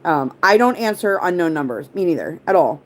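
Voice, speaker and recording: A woman of about forty hosts a casual livestream, wandering off on tangents, responding to viewer comments, and leaning heavily on the word "like." Her voice is on the low side, brisk, with big swings in pitch.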